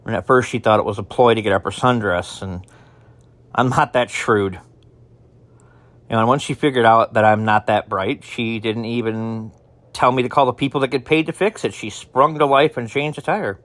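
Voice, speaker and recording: An actor playing an anxious, self-doubting man who records a tape diary, talking haltingly with many restarts and fillers. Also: medium pitch, steady tone, a bit bright, dry recording, close to an everyday voice. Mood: wistful. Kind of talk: audio drama narration.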